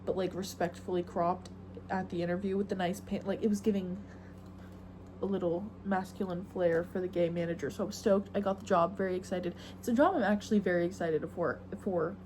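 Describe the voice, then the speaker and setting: A woman's voice: mid-range voice, dark tone, a little hiss or hum, low-quality recording. A young woman hosting a podcast alone, chatting in a rambling, slangy, self-mocking way into a phone camera. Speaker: podcast host. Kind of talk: casual solo chat.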